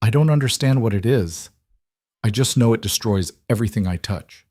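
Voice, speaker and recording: A man voicing a hunted young woman, wary and defiant, with guarded, quick comebacks in an audiobook story. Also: on the low side, animated, a little mellow, no room sound, clean studio sound. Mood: shaken.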